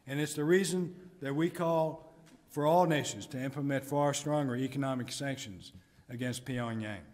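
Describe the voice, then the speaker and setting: A middle-aged military commander gives a formal address, his delivery measured and deliberate, each point stressed with emphasis. His voice sits a little higher than most men's. The sound carries the long reverb of a large conference hall. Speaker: military commander giving a speech. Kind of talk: formal prepared speech.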